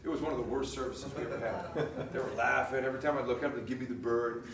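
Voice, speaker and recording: A man preaching a sermon in a relaxed, storytelling way, laughing often and restarting his sentences. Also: medium pitch, fast talker, echoey room, recorded from a distance, crowd noise. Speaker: pastor.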